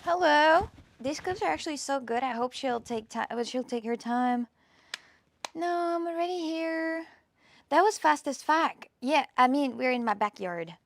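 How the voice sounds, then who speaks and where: A woman's voice: high-pitched, lively intonation, unhurried. A woman hosting a casual live stream outdoors in her backyard, talking into her phone camera and often restarting her sentences. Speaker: livestream host.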